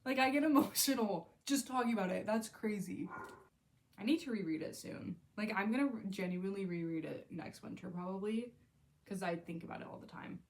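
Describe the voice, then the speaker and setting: Speaking briskly in a medium pitch, this young book vlogger gushes about her favorite reads in a casual review monologue. She gets emotional, leans on "like" and other fillers, and often trails off mid-sentence.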